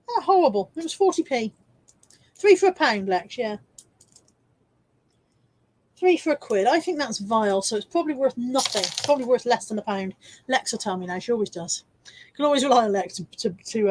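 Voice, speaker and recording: A woman's voice: a little high, darkish tone. A woman hosting a casual live stream, showing car boot finds and reading viewer comments with chatty, self-mocking asides, hiccuping now and then.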